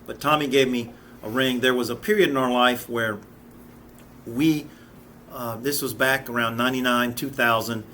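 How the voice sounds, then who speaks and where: A middle-aged man leads a Bible lesson in an earnest, conversational voice. His pitch sits in an ordinary middle range, and he often restarts and repeats words as he talks. Faint ambient noise hums behind him. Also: steady tone, normal speed, sharp tone. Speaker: Sunday school teacher. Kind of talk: Bible study teaching.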